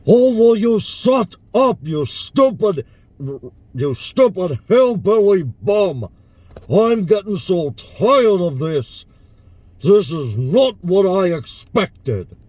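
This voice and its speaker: A man's voice: sits high, very animated, slow, long pauses, darkish tone, dry recording, pitched above the performer's own voice, heavily acted. A man voicing a cranky, short, rejected loner with a thick Russian accent who is always screaming angrily. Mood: furious. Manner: screaming, angry.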